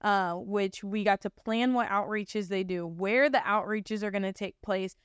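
A young woman in her twenties shares her personal testimony on a podcast, talking in a loose, filler-heavy ramble that turns earnest and emotional. Her voice is smooth and clear at an everyday middle pitch, recorded dry and close. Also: unhurried, no room sound. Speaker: podcast host. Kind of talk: personal testimony, casual chat.

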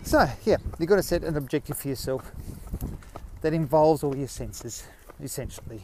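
A man's voice: on the high side, normal speed, warm tone, slight background noise. An Australian man hosting a podcast, talking in a rambling, self-mocking way while out walking his dog. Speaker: podcast host. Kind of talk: casual rambling monologue.

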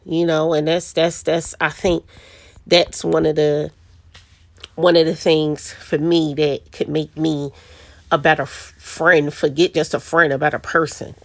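Middle-aged woman podcasting solo, low voice, rambly "you know"s, dry close sound. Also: flat delivery, unhurried, creaky, dry recording. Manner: chatty, lots of "you know" and restarts. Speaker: podcast host. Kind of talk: casual solo monologue. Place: quiet spot with birds outside.

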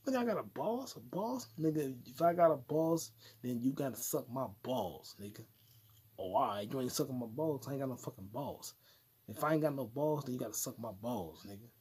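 Husky guy rambling on his own podcast, crude and profane, hopping topics, middle pitch. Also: brisk, a little mellow. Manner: crude, profane, jumps between topics, puts on mock voices. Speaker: podcast host. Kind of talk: rambling solo podcast monologue.

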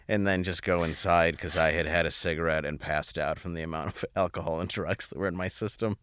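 Deep-voiced man telling a wry story. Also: quick pace, few pauses, a bit bright, smooth, dry recording, studio quality. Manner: wry, self-deprecating storyteller. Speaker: guest comedian. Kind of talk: casual podcast storytelling.

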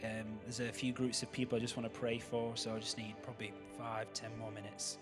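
Pastor, male, mid-pitched, conversational sermon with jokes, faint music behind. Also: completely flat delivery, brisk. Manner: chatty, joking asides to the congregation.

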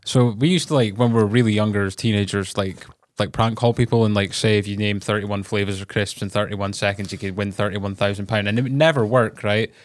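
Man, podcast co-host, lowish voice, dry close mic, rambling. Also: steady tone, fairly quick, hardly any pauses, no echo. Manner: rambling, heavy use of "like". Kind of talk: casual podcast chat.

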